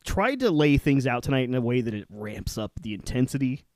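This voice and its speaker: A man's voice: medium pitch, very animated, brisk, no echo, studio quality. A man hosting a podcast in casual chat, joking and sarcastic with his friends. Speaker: podcast host.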